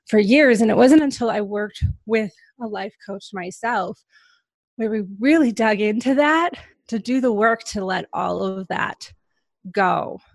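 A woman's voice: medium pitch, vocal fry, no echo. A woman guest on a podcast, candidly telling a personal story in a reflective way, often hedging with small fillers.

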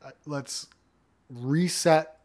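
A man co-hosting a casual chat, joking and cutting in quickly, swearing freely. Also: on the high side, a little mellow.

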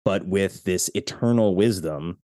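Low, mellow-voiced man hosting a film podcast. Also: measured pace, no room sound, studio quality. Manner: animated, laughs often, acts out quotes. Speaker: podcast host. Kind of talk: casual film discussion.

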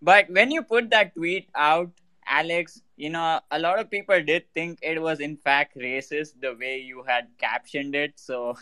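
A man in a casual online voice chat, relaxed and easygoing, often calling people "dude". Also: fairly high pitch, clear, resonant tone, dry recording. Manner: laid-back, says "dude" a lot. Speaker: guest on a crypto talk space.

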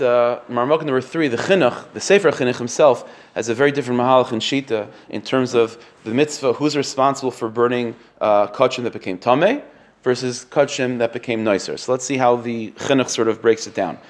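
A man's voice: mid-range voice, a little fast. A man teaching a text-based lesson, reading sources aloud, translating them and repeating key phrases as he explains. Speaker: Talmud teacher.

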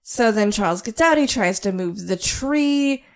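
A woman's voice: mid-range voice, lively intonation, a little slow. A woman co-hosting a podcast, casually recapping an episode with sarcastic asides and easy laughter.

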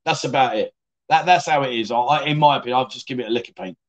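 Speaking fast in a mid-range voice over dull audio, a middle-aged British livestream host reads out viewer comments casually. His humour is cheeky and self-mocking, and he laughs often.

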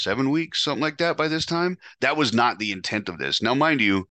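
Deep-voiced man telling his story bluntly. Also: sharp tone, dry recording. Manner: blunt, profane, confessional. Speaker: podcast host. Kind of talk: candid personal storytelling.

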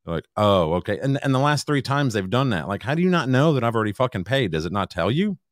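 A man's voice: medium pitch, very animated, fast, dry recording, clean studio sound. A man co-hosting a casual podcast, complaining in a sweary, exasperated way. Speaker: podcast co-host. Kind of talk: casual chat.

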